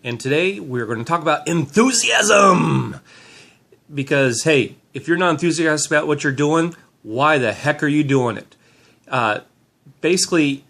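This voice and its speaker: Middle-aged male team leader, self-filmed pep talk, slightly high voice, eager and loose with fillers. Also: a bit bright. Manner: upbeat, rambling, lots of fillers. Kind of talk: handheld motivational vlog. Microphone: handheld camera mic.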